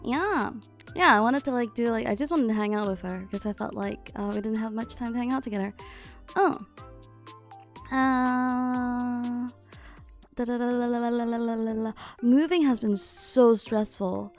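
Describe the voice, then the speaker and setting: A woman streamer chatting casually and softly from her living room, with lots of fillers and frequent laughter. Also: fairly high pitch, moderate pace, faint music behind. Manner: speaking softly. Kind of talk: casual chat.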